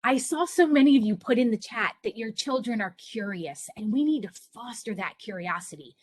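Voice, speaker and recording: A middle-aged woman gives an online presentation to parents over a video call, sharing personal stories earnestly and encouragingly. Her voice is a little high, at normal speed, with no echo.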